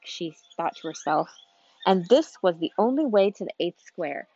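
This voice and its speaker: A woman's voice: fairly low pitch, expressive, moderate pace, mellow, husky, lo-fi sound. A woman reading a children's book aloud from a street, informal, with restarts and asides. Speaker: reader.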